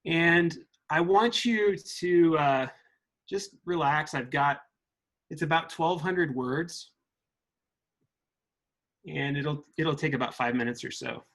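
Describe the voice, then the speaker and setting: A man giving an informal talk at a meditation center, halting and thinking aloud with frequent restarts. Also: a little high, fairly bright tone, poor audio.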